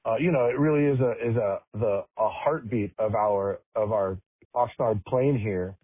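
A man is a guest on a radio show, answering warmly but hesitantly and pausing often on fillers. His voice is a little husky and comes through a dry, narrow, phone-like channel. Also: lowish voice, no room sound. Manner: friendly, hesitant with many uhs. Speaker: festival chair, guest.

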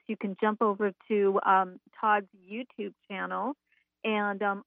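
A woman's voice: mid-range voice, dry recording. A woman hosting a radio talk show, chatty and enthusiastic, with fillers as she introduces her guest. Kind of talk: upbeat radio interview. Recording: narrow phone-line sound.

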